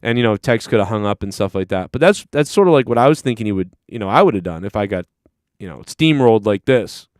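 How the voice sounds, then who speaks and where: A man's voice: on the low side, lively intonation, quick pace, no echo, clean studio sound. A man hosting a live stream, recapping a clip in a rambling, profane, casual way. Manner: rambling, profane, talks over replayed clips. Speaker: stream host.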